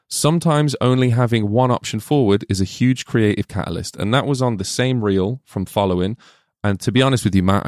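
A man co-hosting a casual film podcast, excitable and swearing freely. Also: lowish voice, no echo, studio quality. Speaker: podcast co-host.

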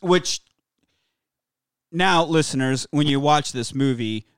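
Guy host swearing thru a movie recap, high-ish voice, smooth, dry close mic. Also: slow, no room sound. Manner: profane, animated storytelling. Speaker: podcast host. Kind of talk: casual movie recap chat.

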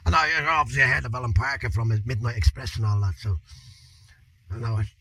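A man in his fifties with a Dublin accent, telling a story as an interview guest in a colloquial, animated way, with plenty of swearing. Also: medium pitch, fast, husky, no echo, rough recording. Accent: Irish, Dublin. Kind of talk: anecdotal storytelling.

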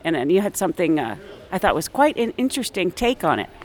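A woman's voice: fairly low pitch, big pitch swings, fast talker, a little mellow. A middle-aged woman and flight attendant hosting a podcast, telling chatty stories, laughing often and acting out quotes. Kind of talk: casual storytelling podcast.

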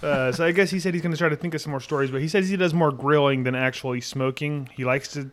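Telling stories in an easygoing, filler-heavy way, a male podcast co-host keeps the chat casual. His pitch is fairly high and he's a fast talker.

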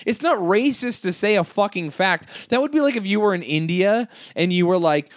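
A man holds forth on a podcast, swearing and spinning rambling comic bits. His voice sits a little high, recorded close and dry. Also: expressive, brisk, hardly any pauses, no room sound. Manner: profane, rambling joke storytelling. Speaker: podcast host. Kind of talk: casual comedic chat.

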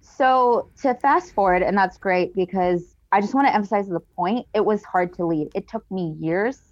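A woman's voice: medium pitch, moderate pace, no echo. A woman guest on a podcast telling her story candidly, earnest and emotional. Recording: dull, dry sound.

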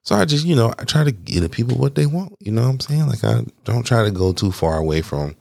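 A man hosting his own podcast in a casual, candid, rambling way, laughing between phrases, swearing freely and poking fun at himself, with a deep voice that people praise as made for radio. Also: animated, fast talker, creaky, a little mellow, no echo, clean studio sound. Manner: candid, rambling, self-deprecating. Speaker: podcast host. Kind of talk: casual solo podcast chat.

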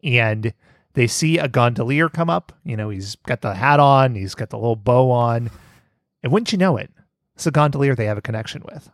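A man's voice: medium pitch, expressive, normal speed, no room sound. A man hosting a casual comedic podcast, sarcastic and playful with mock-earnest jokes. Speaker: podcast host.

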